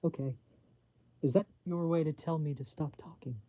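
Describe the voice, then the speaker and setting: A man's voice: a little high, moderate pace, dark tone, dry recording, pitched above the performer's own voice, lightly acted. A man reading aloud, voicing a nervous, flustered young woman on a phone call, in a dull home recording. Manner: embarrassed, flustered deflecting.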